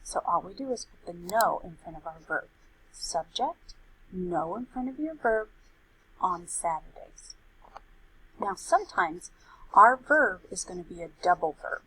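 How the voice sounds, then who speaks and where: A woman as a Spanish teacher, explaining grammar in a clear, explanatory tone and reading example sentences aloud. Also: fairly low pitch, lively intonation, unhurried, bright, forceful tone, rough recording. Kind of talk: recorded grammar lesson.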